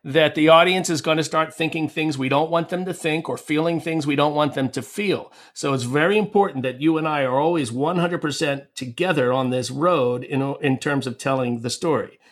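Rambling, animated man telling a story. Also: on the high side, normal speed, few pauses. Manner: rambling with many restarts and fillers. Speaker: guest composer.

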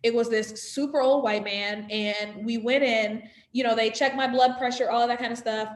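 A woman's voice: fairly high pitch, steady tone, moderate pace, roomy sound. A woman telling a personal story in a casual, chatty way, exasperated and full of fillers. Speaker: podcast guest.

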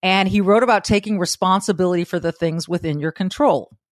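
A woman hosting a podcast, giving an animated motivational monologue, acting out quotes and laughing often. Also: fairly low pitch, a little fast, dry recording, clean studio sound. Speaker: podcast host.

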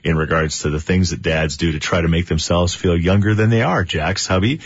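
A man's voice: sits low, brisk, slightly rough, no echo. A man in his forties hosting a morning radio show, rambling and chuckling with plenty of fillers. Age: 40s. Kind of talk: casual radio banter. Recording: dull lo-fi radio broadcast.

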